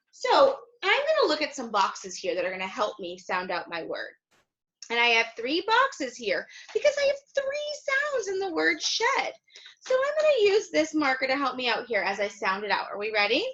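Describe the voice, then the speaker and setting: A woman teaching a phonics lesson to young children, speaking slowly and clearly, sounding words out and praising often. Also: high voice, very animated, bright, forceful tone. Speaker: kindergarten teacher. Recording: slightly dull, lo-fi sound.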